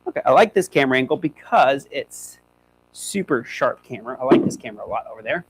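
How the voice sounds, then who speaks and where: A man's voice: medium pitch, lively intonation, quick pace, rough recording. Upbeat, chatty man training his dogs. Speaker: dog trainer. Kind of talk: live-streamed dog training demo. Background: faint hum.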